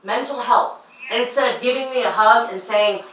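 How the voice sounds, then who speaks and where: Young woman begging her mom to listen, upset and teary, bright voice, way off from the mic in an echoey room. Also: fairly high pitch, moderate pace. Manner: pleading, upset, tearful. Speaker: daughter arguing with her mother. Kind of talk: emotional phone argument. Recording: echoey room, voice from far off, faint noise.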